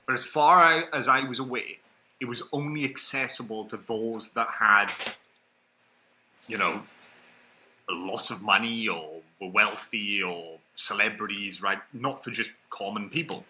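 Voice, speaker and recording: A man in his early twenties, a podcast guest telling a story in a casual, animated way and acting out what other people said. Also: fairly low pitch, measured pace, poor audio. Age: early 20s.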